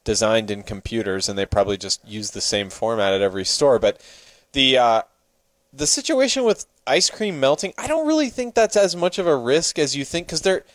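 A man's voice: medium pitch, very animated, a little fast, no echo. A man co-hosting a casual chat, teasing his partner and often hesitating mid-sentence. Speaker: co-host.

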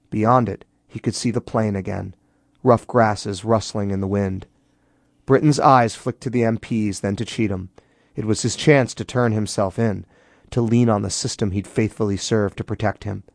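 A man's voice: lowish voice, no echo, clean studio sound. A man, the author, giving a dramatic reading of his own novel and voicing the characters' dialogue with rising intensity.

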